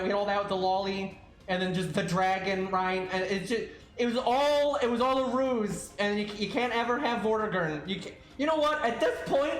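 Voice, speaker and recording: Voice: mid-range voice, reverberant. A streamer on a livestream, ranting, swearing and stammering out of exasperation. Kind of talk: livestream rant.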